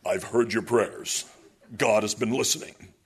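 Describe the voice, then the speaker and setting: A man voicing a solemn male angel messenger, speaking in a slow, booming way.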